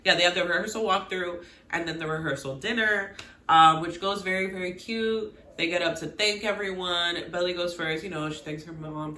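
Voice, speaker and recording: A woman hosting a casual TV recap, talking straight to her viewers in an animated, exclaiming way. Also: deep voice, moderate pace, a little hiss or hum. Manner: animated, exclaiming, talks to viewers as "girl" and "y'all". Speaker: recap channel host. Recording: echoey room.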